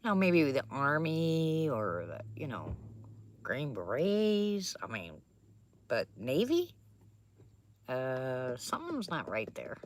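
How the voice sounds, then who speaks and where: A woman's voice: very deep voice, wildly swooping pitch, takes it slowly, a little hiss or hum. A woman chatting casually with viewers on a livestream from an attic at home, laughing often and answering them by name. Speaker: livestream host reading viewer chat.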